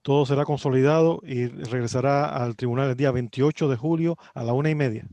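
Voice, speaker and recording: A man working as court interpreter, relaying the hearing in a brisk, matter-of-fact way over a video call. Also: mid-range voice, mellow, no echo. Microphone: computer mic on a video call.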